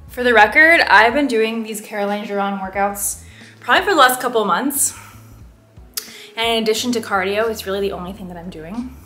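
Her voice mid-range, bright, and forceful, a young American lifestyle vlogger chats casually from a roomy room in her Texas home. A tripod-mounted camera records her rambling talk and self-mocking remarks.

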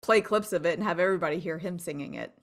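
A woman hosting a podcast, chatting about songs and reading the credits in a relaxed, conversational way. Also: lowish voice, very fast. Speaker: podcast host. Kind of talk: casual chat about music.

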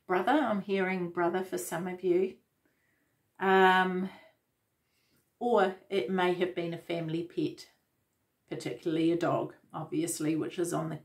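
A woman giving a casual tarot reading, gentle and reflective, with many fillers and restarts. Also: lowish voice, fairly even intonation, slow, pauses often. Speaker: tarot reader.

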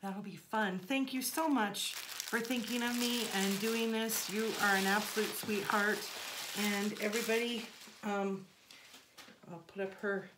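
A woman's voice: mid-range voice, fairly even intonation, measured pace, background noise. A woman hosting a casual crafting vlog, unboxing gifts and repeating her thanks, still recovering from the flu. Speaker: crafting channel host.

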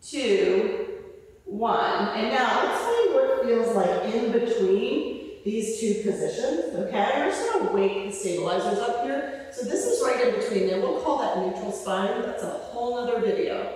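A woman's voice: fairly high pitch, expressive, a little slow, a little mellow. A young woman physical therapist leading a home floor exercise class, counting reps and cueing breaths while a bit out of breath. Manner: encouraging, counts reps aloud, cues breathing. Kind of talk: guided exercise class instruction. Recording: echoey hall, voice far from mic.

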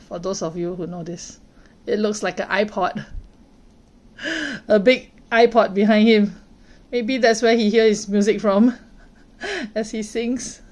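A woman hosting a toy unboxing, gently narrating and reacting with delight to each figure as she unwraps it. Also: fairly high pitch. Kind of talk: unboxing narration, soft ASMR-like. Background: plastic crinkling and clicks from handling toys.

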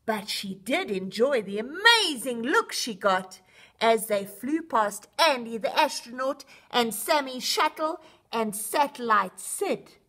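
A woman reading a picture book aloud to young children on a children's show, expressive and sing-song. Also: a little high, slow.

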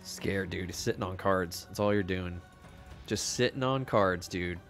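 A man's voice: deep voice, measured pace, a bit bright, faint music behind. A man co-hosting a casual show, talking through his card-game moves and teasing his opponent. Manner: playful, teasing, narrates his moves aloud. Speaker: podcast co-host playing a card game. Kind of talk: casual game-play banter.

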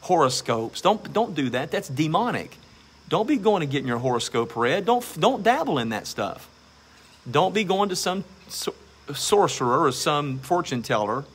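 A man's voice: a little high, a bit bright, husky. A man preaching a sermon as pastor, emphatic and exhorting, repeating phrases for stress.

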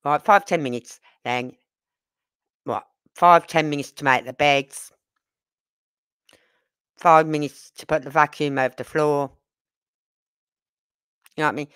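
A middle-aged woman talks in a loose, chatty ramble, forever checking whether you follow. Her voice sits fairly low. The recording is dry, with no room sound. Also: steady tone, a little slow, pauses often, fairly bright tone, clean tone, no room sound. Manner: chatty, rambling, keeps asking "you know what I mean". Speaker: neighbour interviewed. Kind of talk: casual storytelling chat.

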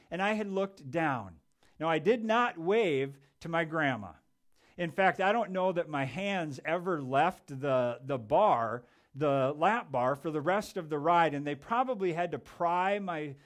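A pastor giving a conversational sermon, telling a story with frequent restarts and repeated words. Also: male voice, a little high. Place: church sanctuary.

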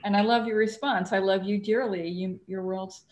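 A woman who cartoons and writes, speaking gushingly and tearfully with many pauses in a book talk. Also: mid-range voice, steady tone, darkish tone. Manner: gushing, tearful, hesitant with fillers. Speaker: cartoonist and author.

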